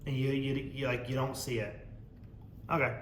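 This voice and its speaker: A man's voice: mid-range voice, little pitch movement, normal speed, roomy sound, background noise. A man hosting a casual podcast, reading viewer comments aloud and mocking them sarcastically, swearing freely. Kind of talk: casual chat.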